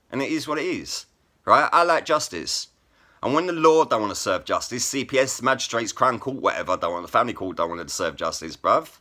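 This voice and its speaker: Forceful, sharp-voiced man ranting. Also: mid-range voice. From England. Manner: blunt, heavily profane, repeats "bruv" and "innit". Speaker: vlogger and rap poet. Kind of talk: angry to-camera rant.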